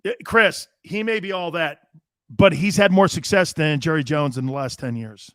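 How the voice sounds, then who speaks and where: A man's voice: fairly high pitch, moderate pace, fairly bright tone, no room sound, studio quality. A brash, boastful middle-aged man hosting a sports talk show, chatting casually and reading out viewer comments. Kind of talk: casual live-stream talk, reading chat.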